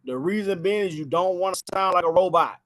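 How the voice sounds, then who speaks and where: A man's voice: high-pitched, a little fast, fairly bright tone. A man giving a casual spoken training on phone sales, talking from inside a house and repeating phrases for emphasis.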